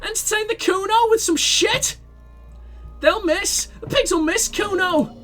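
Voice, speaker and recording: A man's voice: measured pace, bright, forceful tone, faint music behind, heavily acted. A man voicing a foul-mouthed, taunting street kid in a video game, jeering and hurling insults. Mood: gleeful. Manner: shrill, jeering, hurls insults.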